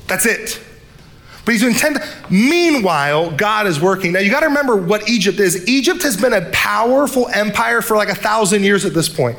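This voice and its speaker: A young man preaching a sermon, animated, acting out the characters' lines as he retells the story. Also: high-pitched, normal speed. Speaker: pastor.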